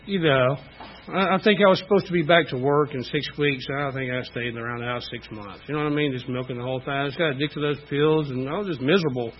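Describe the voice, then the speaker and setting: A man's voice: mid-range voice, fast, dull audio, slight background noise. A middle-aged man giving a candid, rambling personal testimony at a recovery meeting, full of "you know" fillers. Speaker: speaker sharing recovery story.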